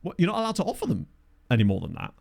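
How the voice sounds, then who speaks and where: Male streamer, lively sing-song delivery, chatty, reads chat as he plays. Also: a little high, very fast, creaky. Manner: chatty, reads chat aloud, laughs often. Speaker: streamer playing a football management game. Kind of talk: casual live-stream commentary.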